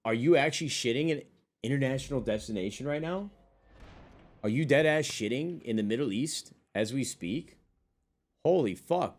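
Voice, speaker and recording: A man streaming live, talking casually to his chat in loose, profane, joking banter from his desk. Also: mid-range voice. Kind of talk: casual stream chat reading and answering viewers. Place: at a desk with a monitor.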